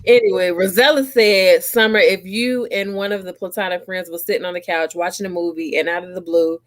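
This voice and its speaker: A woman's voice: lowish voice, animated, normal speed, few pauses, a bit bright. A woman co-hosting a casual chat show, blunt and emphatic, often laughing. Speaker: podcast co-host.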